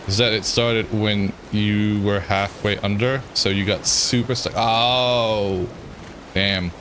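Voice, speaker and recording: Brief: male streamer, unhurried self-mocking gameplay chatter, faint game ambience behind. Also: lowish voice, fairly even intonation, noisy background. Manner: rambling, self-mocking, chuckles often. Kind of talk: gameplay commentary.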